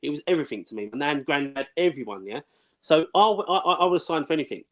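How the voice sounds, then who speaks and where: A fast-talking man tells his stories bluntly and swears freely. His voice sits a little high, and the talk is excitable and casual. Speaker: former footballer, guest. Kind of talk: casual live chat.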